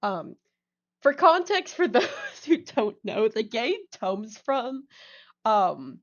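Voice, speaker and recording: A woman's voice: a little high, sing-song, takes it slowly, lo-fi sound. A woman chatting casually between roleplay scenes, rambling, giggling and correcting herself as she goes. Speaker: roleplay partner. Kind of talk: casual chat during voice roleplay.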